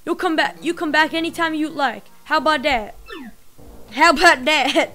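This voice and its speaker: Woman doing a gruff old mob boss. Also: high voice, normal speed, sharp tone, a little hiss or hum. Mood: jovial. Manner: tough-guy drawl with dropped words.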